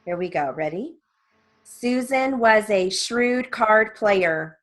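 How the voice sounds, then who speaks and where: A woman reading word lists and sentences as dictation practice, evenly and deliberately, with short spoken asides. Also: mid-range voice, lively intonation, low-quality recording. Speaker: dictation reader for steno practice.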